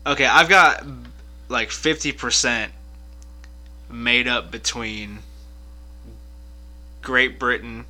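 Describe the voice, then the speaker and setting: Brief: young male co-host, very slow teasing delivery, sharp bright timbre, hum underneath. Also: mid-range voice, fairly even intonation. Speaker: podcast co-host. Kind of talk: casual chat.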